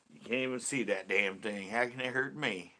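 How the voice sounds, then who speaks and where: Man doing a drawling southern scoffer, slow and mocking, low voice. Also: bright, forceful tone. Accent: put-on Southern US.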